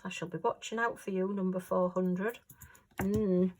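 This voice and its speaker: A woman's voice: medium pitch, fairly even intonation, measured pace, darkish tone, a little hiss or hum, low-quality recording. A woman with a Yorkshire accent chatting casually to camera as she sorts craft supplies at home, giggling and talking to herself. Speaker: crafting vlogger. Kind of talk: casual chat while working.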